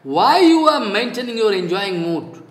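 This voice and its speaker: A man's voice: sits high, big pitch swings, normal speed. Older man preaching in an echoey room. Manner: scolding, emphatic, quotes others in their voices. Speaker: spiritual teacher. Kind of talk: devotional talk with anecdotes.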